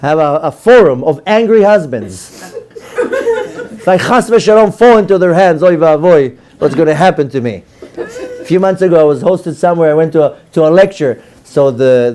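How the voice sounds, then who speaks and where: A man's voice: fairly high pitch, lively intonation, normal speed, darkish tone. A middle-aged man giving a rabbi's lecture, telling stories with acted-out quotes and jokes. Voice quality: storytelling with acted-out quotes, joking. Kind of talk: lively Torah lecture.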